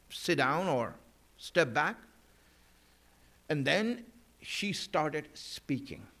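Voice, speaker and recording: A man's voice: on the high side, fairly bright tone. A man delivering a mourning sermon in a conversational way, with many fillers and restarts, at a mosque. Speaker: religious speaker. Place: mosque hall.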